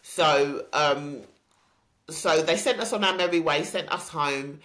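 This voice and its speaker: A woman, hosting a podcast and candidly recounting a personal story with many pauses and ums. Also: low-pitched, a bit bright. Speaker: podcast host.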